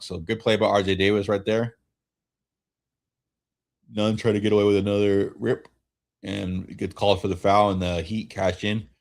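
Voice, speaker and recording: A man streaming a watch-along, giving relaxed fan play-by-play while tired and yawning, often restarting his sentences. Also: on the low side. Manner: relaxed, rambling calls with frequent self-corrections. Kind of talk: casual fan play-by-play commentary.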